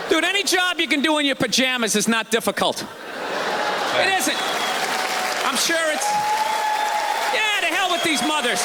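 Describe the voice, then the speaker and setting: A man performing a stand-up comedy routine, ranting sarcastically and shouting his punchlines. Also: very high voice, animated, unhurried, long pauses, crowd noise. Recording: live stage recording with audience and noise.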